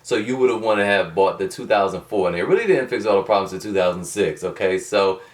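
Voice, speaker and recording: A man with a lowish voice chatting loosely to camera, wandering off into side stories and slang. He sits a bit back from the mic, so the sound is slightly distant. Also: a little fast. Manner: rambling, colloquial, digressive. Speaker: vlogger. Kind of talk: casual unscripted vlog.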